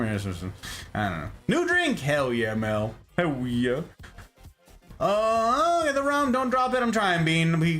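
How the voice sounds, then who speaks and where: Male streamer host, bright and sharp tone, playful chat with viewers. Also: mid-range voice. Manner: playful, animated, greets viewers by name. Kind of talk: casual chat reading live chat.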